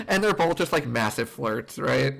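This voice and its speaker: Animated young male streamer. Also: medium pitch, gravelly, slightly rough. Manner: animated, laughing, exasperated reactions. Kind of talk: casual let's play commentary. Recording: voice over game music.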